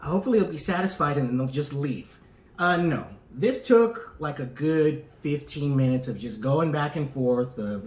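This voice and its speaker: A man's voice: a little high, moderate pace. A man co-hosting a podcast, telling a long story casually and with lots of swearing, acting out the people in it. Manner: profane, animated, acts out the people in his story. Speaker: podcast co-host. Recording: roomy echo.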